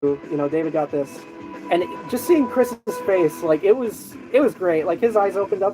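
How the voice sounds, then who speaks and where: A man streaming, chatting casually and telling animated stories with lots of fillers and restarts. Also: high voice, moderate pace, rough recording. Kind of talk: casual chat. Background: music.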